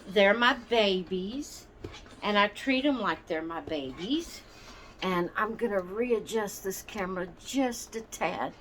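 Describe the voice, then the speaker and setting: On her doll channel, a woman speaks at medium pitch with lively intonation and a fairly bright tone. Rocking in her chair at home, she chats slowly and apologetically, rambling and hesitating over her words, with a little hiss or hum in the recording.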